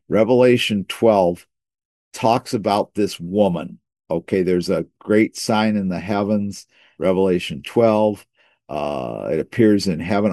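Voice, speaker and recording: Male preacher, low voice, dry sound, sermon-style Bible teaching that stumbles and repeats. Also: a little mellow, dry recording. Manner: repeats words while thinking, slows for key phrases.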